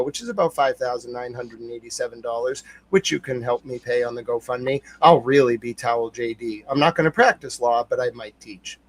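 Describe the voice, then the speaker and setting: A man's voice: mid-range voice, poor audio. A young adult man, a guest who livestreams the news, telling long earnest stories in casual chat. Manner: earnest, rambling storyteller.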